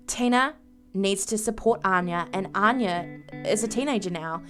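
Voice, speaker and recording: A woman who makes game videos, narrating a life-sim game storyline in an animated, dramatic way. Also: medium pitch, moderate pace, faint music behind. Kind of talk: story narration over gameplay.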